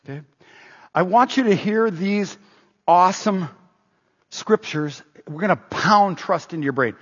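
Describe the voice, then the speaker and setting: A man preaching a sermon as pastor, animated, quoting scripture aloud. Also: high-pitched, measured pace, pauses often, slightly rough. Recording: roomy hall, dull lo-fi sound.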